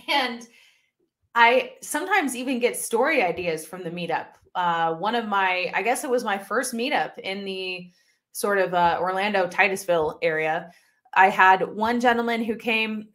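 A woman's voice: medium pitch, fairly bright tone. Chatty young woman live-streaming. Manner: chatty, upbeat, lots of fillers. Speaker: YouTube host reading live chat. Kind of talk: casual live-stream chat. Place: home, by her desktop computer.

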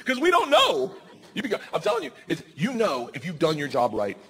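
A man doing a stand-up comedy set on stage, telling stories loudly with swearing and acted-out voices. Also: fairly high pitch, a little fast, vocal fry. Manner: loud, animated storytelling with swearing and acted-out voices. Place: comedy stage before a live audience. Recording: live audience noise in the background.

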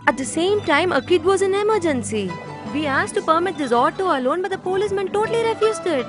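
A woman's voice: very high-pitched, lively intonation, quick pace. An eager, anxious young woman. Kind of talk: film dubbing. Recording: film audio with loud music.

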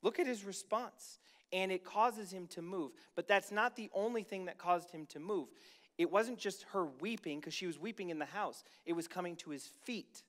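A man's voice: high-pitched, a bit bright. Emphatic male pastor preaching. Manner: reads scripture then comments casually to the congregation; emphatic, slows down to stress key lines. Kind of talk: sermon.

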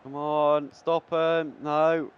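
A young man commentating on his own football video game match, groaning at misses and yelling at goals, his voice cracking when excited. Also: on the high side, very slow, highs cut off. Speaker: gaming YouTuber. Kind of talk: excitable live gameplay commentary.

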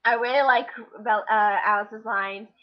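Teen girl rambling excitedly about a movie, slightly high voice, muffled lo-fi webcam sound. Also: unhurried. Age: teens. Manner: rambling, excitable, full of fillers. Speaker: vlogger. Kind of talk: casual movie review vlog.

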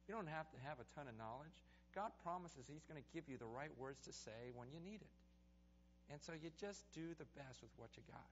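A man, a pastor preaching a sermon and telling stories animatedly, then praying softly at the close. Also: on the high side. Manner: animated storytelling, building to excited peaks; soft, hushed prayer voice. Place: church sanctuary. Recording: dull, slightly noisy sermon recording.

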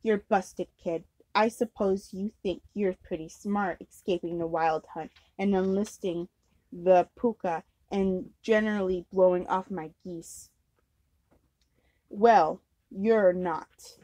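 A woman's voice: lowish voice, fairly even intonation, slow pace, warm tone, no room sound. A woman voicing a cruel, menacing fairy queen in a storybook reading, scolding and mocking.

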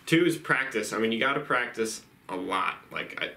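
A man's voice: mid-range voice, expressive, normal speed, gravelly, pushed and bright, reverberant. A man hosting a duck hunting vlog, talking in a laid-back, rambling way with lots of "you know" fillers. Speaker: duck hunting channel host. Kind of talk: casual vlog talk.

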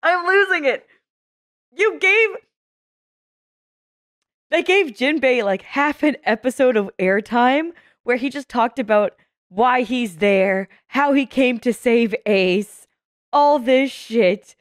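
Excitable high-voiced woman reacting. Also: slow, no room sound, clean studio sound. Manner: excitable, swears a lot, frequent laughter. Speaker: anime reaction host. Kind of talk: casual live reaction commentary.

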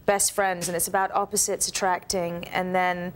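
Wry British actress on a talk show. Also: female voice, fairly low pitch, level tone, moderate pace, a little hiss or hum. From London. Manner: modest, wry, laughs easily. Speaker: actress, guest.

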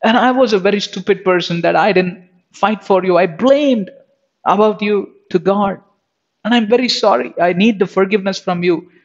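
A tender, remorseful Adam, as a preacher puts him on, speaking with a raised, fairly high voice and apologizing humbly. The lo-fi recording dulls the sound a little. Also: male voice, normal speed. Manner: pleading, apologetic. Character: remorseful first man, adult, tender and repentant. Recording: dull lo-fi sound.

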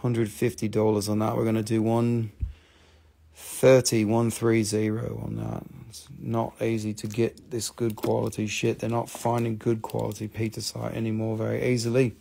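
A man's voice: lowish voice, completely flat delivery, normal speed, creaky, mellow. A man hosting a live stream, selling crystals in casual, joking sales patter full of swearing. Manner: chatty, profane and joking.

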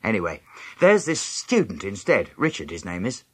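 Lively dry-sounding male storyteller. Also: moderate pace, slightly rough, no echo. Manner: lively storytelling, jumping high in pitch for other characters' lines. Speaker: audiobook narrator. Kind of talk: scripted first-person narration of a children's novel.

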